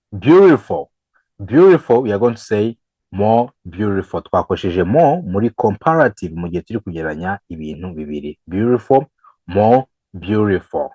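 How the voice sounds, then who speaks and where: Male English teacher, lowish voice, drills examples slowly, dry close sound. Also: very animated, warm tone, breathy edge, no room sound, poor audio. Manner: switches between English and Kinyarwanda, repeats examples slowly, counts the learner in. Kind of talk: bilingual grammar lesson.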